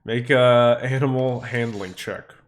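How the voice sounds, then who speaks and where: A relaxed man running a tabletop game as game master. He describes scenes loosely, with frequent fillers, in a mid-pitched voice. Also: measured pace.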